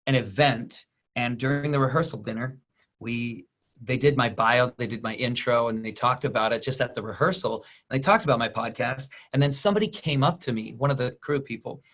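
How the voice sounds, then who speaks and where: A man giving a motivational talk as a business coach on a group video call, telling stories with lively energy and acting out quoted voices. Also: medium pitch.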